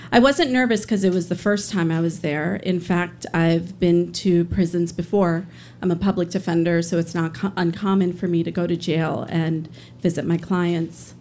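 A woman's voice: lowish voice, darkish tone, a little hiss or hum. A woman telling a true personal story on stage, speaking earnestly with frequent fillers. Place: stage before a live audience.

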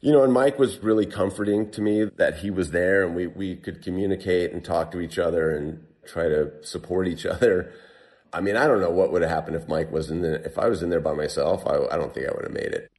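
Male guest, deep register, recounting his story in an easygoing, animated way. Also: a little fast. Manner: animated, heavy use of "like". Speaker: guest telling a survival story. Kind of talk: casual storytelling.

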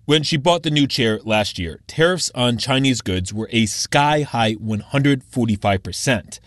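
A man filing a scripted radio news report, with a measured, explanatory delivery. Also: medium pitch, no room sound, studio quality.

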